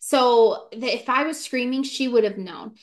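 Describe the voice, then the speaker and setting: A young woman in her twenties, co-hosting a casual podcast, recounts a ghost story. Her voice sits a little high, and she talks fast and animatedly, packed with "like" fillers and acted-out quotes. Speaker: podcast co-host.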